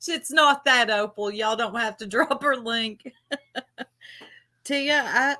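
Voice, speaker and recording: Bright-voiced mocking woman. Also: fairly high pitch, drawn-out words. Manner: mocking, laughs often. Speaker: co-host. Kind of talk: casual live-stream commentary.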